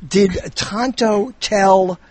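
A man's voice: high voice, a little mellow, a little hiss or hum. A man in casual chat, telling pun riddles with lots of laughter and restarts. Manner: giggly, halting, keeps restarting his riddles.

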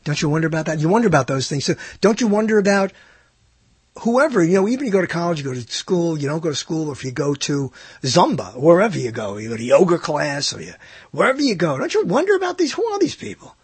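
Older man, rambling monologue, wide swooping pitch, dry close sound. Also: quick pace, husky, no room sound. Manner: animated, swoops up in pitch for questions. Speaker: speaker musing to listeners.

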